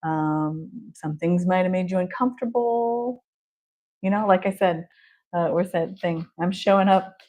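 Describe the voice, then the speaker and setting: A woman's voice: fairly low pitch, a little slow, a little mellow. A woman therapist hosting a podcast, telling a candid personal story in an open, chatty way and laughing often between phrases.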